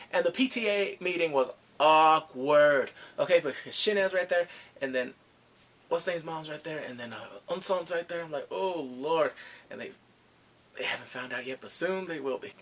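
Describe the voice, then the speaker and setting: A man giving a rambling, excitable casual recap of a TV drama, reacting with gasps and quoted asides. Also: a little high. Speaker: drama reviewer.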